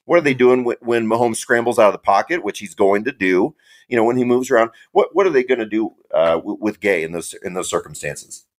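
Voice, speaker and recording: A man's voice: lowish voice, brisk. A man from Kansas City, a guest contributor on a casual podcast, chatty and self-amused.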